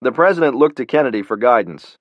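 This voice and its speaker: A man narrating a thriller audiobook in a steady, even way. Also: mid-range voice, quick pace, dry recording. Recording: dull lo-fi, dry.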